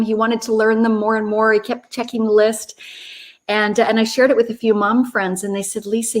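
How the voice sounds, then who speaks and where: A woman who wrote a children's book, talking earnestly and reflectively in an interview over a video call. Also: fairly high pitch. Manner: earnest, reflective, frequent restarts and laughs. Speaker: children's book author, guest. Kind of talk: conversational interview.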